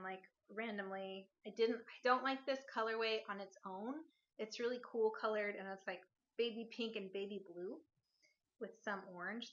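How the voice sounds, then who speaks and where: Bright-voiced chatty woman host. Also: a little high, lo-fi sound. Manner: chatty, rambling, with fillers and self-corrections. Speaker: knitting podcast host. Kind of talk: casual show-and-tell chat.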